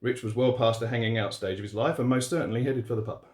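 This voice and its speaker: A man's voice: medium pitch, fast talker. Man reading horror in echoey room. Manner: relaxed, steady, few fillers. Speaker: author reading his story. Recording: roomy echo.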